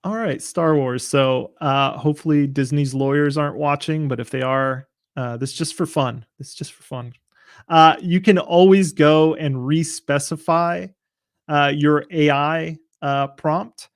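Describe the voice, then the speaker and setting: A man giving a casual software demo, explaining in a relaxed, loose way with frequent filler sounds. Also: a little high, a little slow, no room sound, studio quality. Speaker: software product demonstrator.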